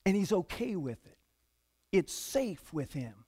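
A middle-aged man preaching a sermon in a conversational, animated way, going from hushed asides to loud outbursts. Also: sits high, measured pace, breathy edge. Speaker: pastor.

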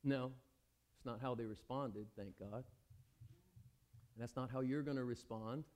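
A man's voice: medium pitch, unhurried, a little mellow. A man preaching a sermon at a church service, talking conversationally and putting questions to the congregation. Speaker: pastor.

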